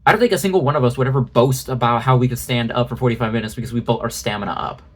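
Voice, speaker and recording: Husky man ranting in exasperation. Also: mid-range voice, racing, a bit bright. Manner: exasperated, profane, sarcastic ranting. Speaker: commentary YouTuber. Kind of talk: ranting commentary.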